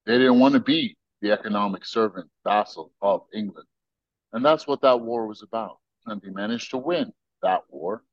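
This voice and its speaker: An American man, a podcast guest, telling stories and arguing his views in an animated, opinionated way. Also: on the low side, moderate pace, no room sound, dull audio. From United States. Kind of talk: casual podcast interview.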